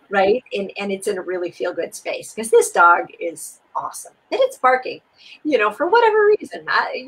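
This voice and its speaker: A woman co-hosts a spiritual teaching conversation and guides the listener through steps. She talks in an expressive, soothing, repetitive way. Her voice is slightly husky, and her pitch swings widely. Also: poor audio. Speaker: co-host.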